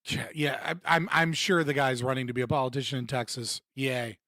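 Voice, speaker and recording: A man's voice: medium pitch, a little fast, no echo, clean studio sound. A young man live-streaming his reactions, ranting bluntly and mockingly with lots of swearing. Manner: blunt, profane, mocking, animated rants. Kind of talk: casual live-stream commentary.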